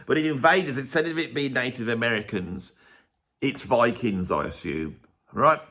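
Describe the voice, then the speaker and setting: Animated man ranting to camera. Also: mid-range voice, normal speed. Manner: animated, sarcastic, swings between loud and muttered asides. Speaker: music vlogger. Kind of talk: casual opinionated rant to camera.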